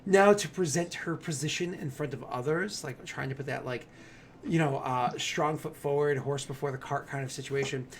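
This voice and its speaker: A man running a tabletop game in a casual, animated way, laughing often and using many fillers. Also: a little high, normal speed, slight background noise. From New England. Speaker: game master.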